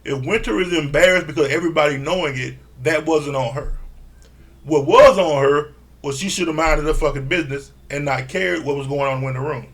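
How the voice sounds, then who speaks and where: A man with a gravelly, creaky voice pitched a bit higher than most men. He talks through a reality show recap in a loose, animated way, swearing as he goes and acting out what each person said. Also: a little fast. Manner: animated, profane, acts out quotes. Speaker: reality TV reviewer. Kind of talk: casual recap commentary.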